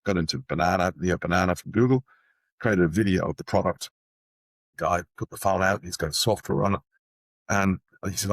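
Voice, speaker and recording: A man's voice: deep voice, brisk, slightly rough, dry recording. A man hosting a casual business chat, rambling through anecdotes and cutting himself off mid-sentence. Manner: rambling, anecdotal, self-interrupting. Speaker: podcast host.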